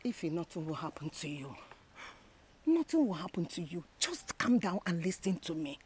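An actress with a Nigerian accent playing a calm mother who advises her daughter in a soothing, persuasive way. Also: lowish voice, moderate pace, husky, full character voice.

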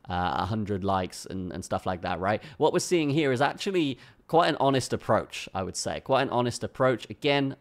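A tired man hosting a casual crypto chart walkthrough, ending his points with "okay?" and "all right?" and repeating his own phrases. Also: on the low side. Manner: keeps tagging lines with "okay?" and "all right?". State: tired from a long day. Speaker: crypto trading channel host. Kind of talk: casual screen-recorded chart analysis.

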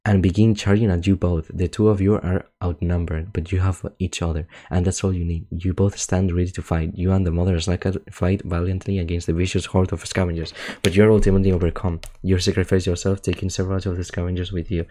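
Deep-voiced young man reading stumblingly. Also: flat delivery, quick pace, hardly any pauses, mellow. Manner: stumbles and restarts while reading, laughs and swears often. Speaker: gamer reading game text aloud. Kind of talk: casual gameplay commentary, reading text aloud.

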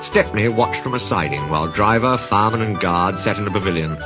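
A man narrating a children's storybook in an expressive, playful manner. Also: fairly low pitch, fairly quick. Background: background music.

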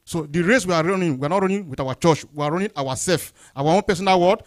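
A male pastor preaching a sermon, throwing out questions and answering them, swinging between loud high lines and low quiet ones. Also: fast. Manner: call-and-response questions, rising then dropping low.

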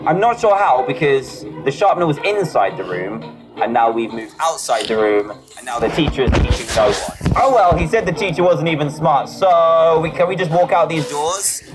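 A man talks through a point-and-click game in a fairly high voice with a lively, bouncing pitch. He reads out the game's text and cracks jokes at himself, while clear music plays steadily behind him. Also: moderate pace. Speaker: gaming video host. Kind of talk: playing a game with commentary. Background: background music.

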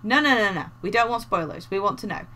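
A woman's voice: medium pitch, expressive, fast talker, sharp tone, slight background noise. A woman hosting a let's play, chatting casually, reading game text aloud and joking. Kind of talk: casual gameplay commentary. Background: game music.

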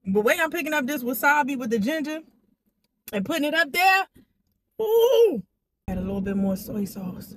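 A young woman hosting an eating show, chatting excitedly and straight to her viewers as she tastes each dish. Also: high-pitched, a little fast, no room sound. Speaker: food vlogger. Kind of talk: casual eating-show chat.

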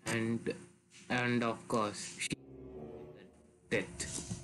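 Excitable gaming host, male, slow delivery, faint background music. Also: medium pitch, rough recording. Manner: excitable, shouts and accuses while playing. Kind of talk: casual gameplay commentary.

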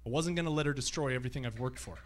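A man does stand-up at a theatre, firing off loose, profane stories to a live crowd. He talks very fast in a mid-range voice.

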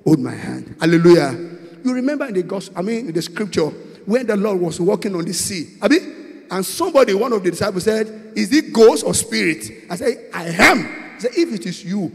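A Nigerian man preaching a sermon, moving between quiet storytelling and shouted prayer, with call-and-response questions to the congregation. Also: sits high, animated, quick pace, long reverb tail. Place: large church with long reverb.

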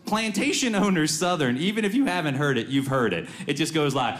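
Sarcastic comic with a lively voice. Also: male voice, on the high side, fairly quick, few pauses, a little hiss or hum. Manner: sarcastic, mocking impressions. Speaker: stand-up comedian. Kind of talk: stand-up set.

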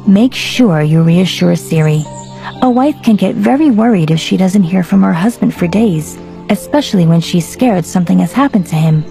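Woman doing a fretful storybook mother: anxious, tender, gravelly, slightly raised. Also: fairly low pitch, animated, moderate pace, mellow, soft background music. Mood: hushed. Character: worried loving middle-aged mother.

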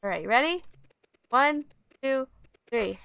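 A woman's voice: high voice, expressive, slow pace, gravelly, clear, resonant tone, muffled recording. A woman streaming a pet video game, coaxing her virtual dog with giggly, chatty commentary. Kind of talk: casual game livestream commentary.

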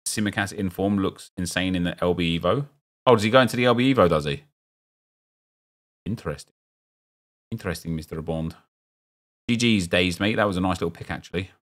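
Chatty South London man, lowish voice. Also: fast. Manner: chatty, rambling, jokey asides to chat. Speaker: streamer. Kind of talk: casual game commentary.

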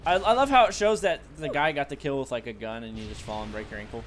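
A man giving casual, joking gameplay commentary with a friend, breaking into loud exclamations. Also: mid-range voice, fast, a loud crowd. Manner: jokey, bursts into loud exclamations. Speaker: gaming channel host.

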